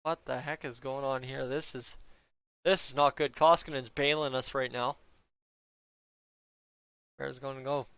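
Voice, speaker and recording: A man's voice: medium pitch, steady tone, unhurried, creaky, pauses often, a bit bright, clear, resonant tone, no echo. A young man giving a casual, joking play-by-play reaction to a hockey game for his viewers. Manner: chatty, joking asides to viewers.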